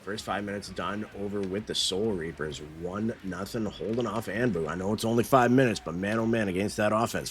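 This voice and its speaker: Guy doing play-by-play for online hockey, fast calls, voice leaps up on goals, faint hiss behind. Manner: rapid calls, jumps up in pitch on goals. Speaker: play-by-play commentator. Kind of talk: esports play-by-play commentary.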